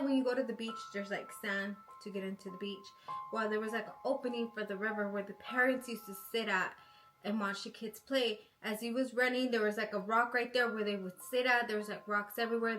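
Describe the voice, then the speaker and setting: A woman telling a spooky story in a casual way, packed with "like" and "you know", sometimes going hushed. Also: a little high, low-quality recording. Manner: chatty, full of "like" and "you know" fillers.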